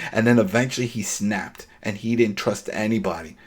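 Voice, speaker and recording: A man's voice: fairly low pitch, moderate pace, hardly any pauses, slightly rough. A man on a podcast, casually recapping a TV episode and acting out the characters' lines. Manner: animated, acts out characters' lines in quotes. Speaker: podcast co-host.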